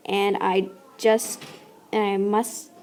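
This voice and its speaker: A grubby, goofy young prince, put on by a woman reading aloud, speaking proudly and a touch lower than the story voice. His lines come slowly and plainly. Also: little pitch movement, darkish tone, slight background noise, lightly acted.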